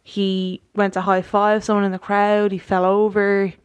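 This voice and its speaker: A woman co-hosts a casual chat about a wrestling show at a middle pitch. She laughs often and trips over her restarts as she talks. The room is dry and close. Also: flat delivery, a little slow, clean tone, dry recording. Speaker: podcast co-host.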